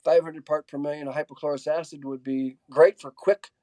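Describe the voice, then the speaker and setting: A man answers audience questions over a video call. His voice is mellow and a bit high, heard dry and close. He stops, restarts and fills gaps as he reads the questions out. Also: steady tone, a little fast, dry recording. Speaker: webinar speaker answering questions. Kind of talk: casual Q&A in a webinar.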